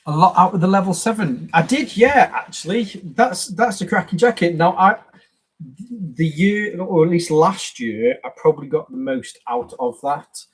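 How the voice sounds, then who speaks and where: A man's voice: high voice, lively intonation, moderate pace, breathy edge, poor audio. A man hosting a casual live stream, rambling along and greeting viewers by name as they drop in.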